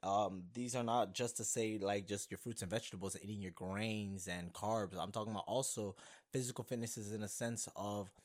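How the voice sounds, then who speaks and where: A young man hosting his own podcast, talking casually and rambling excitedly, with many fillers and restarts. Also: fairly low pitch, a little fast. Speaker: podcast host. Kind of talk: casual solo podcast talk.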